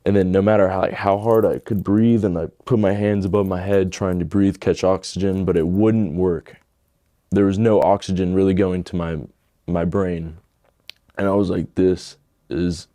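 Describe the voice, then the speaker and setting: A man's voice: deep voice, mellow, no echo, clean studio sound. A young man giving a casual personal testimony, full of "like" and "dude". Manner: casual, heavy use of "like" and "dude".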